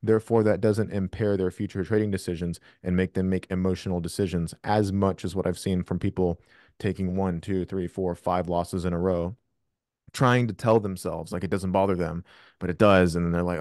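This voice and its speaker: Blunt male coach, low-pitched, dry and close, swears freely on a video call. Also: steady tone, moderate pace, darkish tone, no room sound. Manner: blunt and profane, emphatic. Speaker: trading coach hosting a call. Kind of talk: live Q&A coaching.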